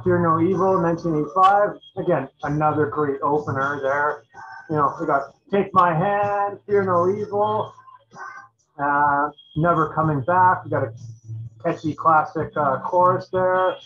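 A man's voice: on the high side, bright, forceful tone. Man rambling about metal, lo-fi sound. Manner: rambling, loose, full of fillers and restarts; enthusiastic metal fan talk. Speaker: channel host reviewing albums. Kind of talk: casual album run-through. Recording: dull lo-fi recording.

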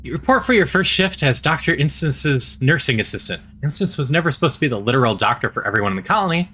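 A man reading a visual novel aloud as narrator, steady and gentle, with casual asides of his own. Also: on the high side, fast, slight background noise. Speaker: narrator and player. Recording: faint music behind the voice.

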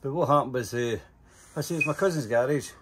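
A man's voice: mid-range voice, fast talker, background noise. An older Scottish man telling rambling, profane stories in casual conversation, full of fillers and asides. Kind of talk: casual storytelling.

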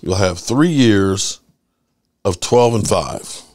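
A middle-aged man hosting his sports channel, chatting casually and rambling through stories with lively swearing. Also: lowish voice, slow, no echo, studio quality. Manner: animated storyteller, swears freely. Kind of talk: casual rambling fan chat.

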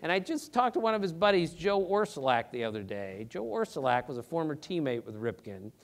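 Middle-aged male sports reporter, speaker at a theater event, animated and emphatic, slightly high voice. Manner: animated, emphatic, quick bursts of speech. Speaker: sports reporter giving a talk. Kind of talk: anecdotal storytelling presentation. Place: theater auditorium.

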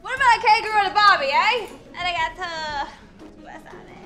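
A woman playing an American woman who is faking a girl, with a loud, rowdy manner that stretches her words out. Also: extremely high pitch, sing-song, a little slow, a crowd in the background, voice pushed up, heavily acted.

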